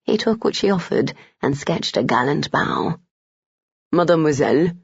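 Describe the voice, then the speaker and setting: This is a measured audiobook narrator reading a romance novel aloud. The voice is gravelly and husky, and the recording is dry and dull, like lo-fi audio. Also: medium pitch, animated, no room sound.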